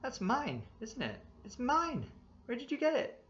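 A male narrator puts on an astonished, well-mannered driver whose voice jumps high in disbelief. There is a gravelly grain under it, and the recording sounds dull and lo-fi. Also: animated, normal speed, a little hiss or hum. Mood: shocked.

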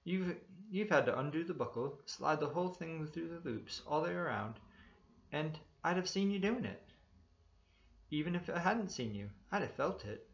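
A man's voice: a little high, expressive, normal speed, gravelly, voice pushed up. A man voicing an astonished, polite driver who exclaims in a raised voice. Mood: disbelieving. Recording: dull lo-fi recording.

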